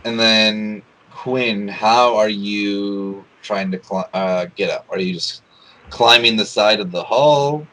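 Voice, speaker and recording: A man's voice: on the low side, takes it slowly, sharp tone, rough recording. A man running a tabletop game as game master, narrating with many restarts. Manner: hesitant, many restarts and fillers.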